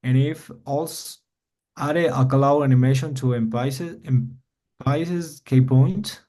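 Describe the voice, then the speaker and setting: A male English learner whose first language is Spanish reads lines aloud on a video call. He pauses often, falls back on fillers and works carefully through each phrase at a mid pitch. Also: dark tone. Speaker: student.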